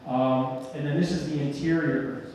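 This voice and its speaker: A man, an architect, giving an animated talk at an event, telling stories and sometimes shouting and laughing. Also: fairly high pitch, normal speed, a little hiss or hum. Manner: animated storyteller who shouts and laughs at slides. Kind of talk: conference presentation. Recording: echoey hall from far off.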